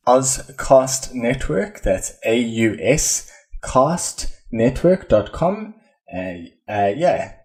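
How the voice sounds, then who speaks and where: A man's voice: medium pitch, lively intonation, very slow. A man with a South African accent co-hosting a casual podcast, rambling and hesitant, often correcting himself. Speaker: podcast co-host.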